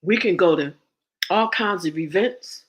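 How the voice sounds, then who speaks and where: A woman's voice: fairly low pitch, measured pace. A woman speaking as a guest and ritual teacher, blunt and profane, preaching with rhetorical questions. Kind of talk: impassioned spoken address.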